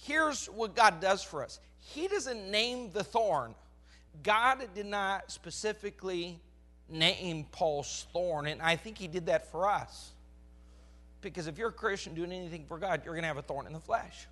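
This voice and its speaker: High, bright, crackly-voiced preacher man. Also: unhurried. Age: 40s. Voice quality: crackly strained voice. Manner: animated preaching, rising to loud emphasis. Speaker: pastor. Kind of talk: sermon.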